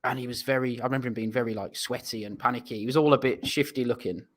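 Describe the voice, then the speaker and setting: A man's voice: medium pitch, steady tone, very fast. English man telling a rambling story. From England. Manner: rambling anecdotal, self-deprecating. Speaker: guest footballer. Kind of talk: casual storytelling.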